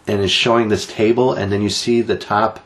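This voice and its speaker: A man's voice: on the low side, steady tone, brisk, a bit bright. A man co-hosting a casual podcast, joking his way through odd news stories with plenty of teasing. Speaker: podcast co-host.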